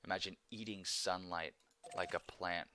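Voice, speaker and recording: A man in his thirties chatting casually on a live stream, animated and laughing often with nerdy enthusiasm. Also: sits low, normal speed, background noise.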